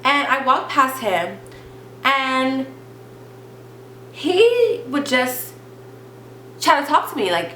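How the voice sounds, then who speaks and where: Young woman vlogging a storytime, bright high-ish voice, lots of "like", roomy echo. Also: slow, long pauses. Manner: chatty, animated retelling full of "like" and acted quotes; blunt, swears casually. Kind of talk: storytime vlog. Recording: roomy echo with faint hum.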